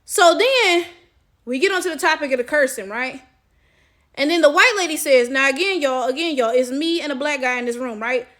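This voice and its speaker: High-voiced woman telling a story animatedly. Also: fairly quick. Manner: animated, emphatic, swears freely, keeps asking "right?". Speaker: chess coach and vlogger. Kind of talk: casual storytelling to the camera.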